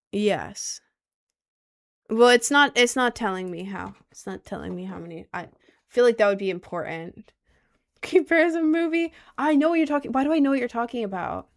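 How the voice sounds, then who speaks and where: A woman's voice: medium pitch, a bit bright. A young woman hosting a casual livestream, answering her chat in a rambling, giggly way and often repeating herself. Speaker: livestream host reading chat.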